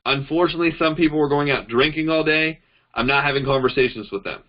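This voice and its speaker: A fast-talking man with a slightly high voice runs a casual network marketing training indoors, using a phone to demonstrate. The sound is lo-fi, and his storytelling is chatty and animated as he acts out both parties in his quoted exchanges.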